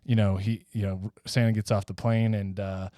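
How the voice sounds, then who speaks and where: A man co-hosts a comedy podcast and tells a story in a rambling way, full of fillers. His voice is smooth and mid-pitched. The mic is close and dry. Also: little pitch movement, moderate pace, dark tone, no echo. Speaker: podcast co-host. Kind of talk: casual comedic chat.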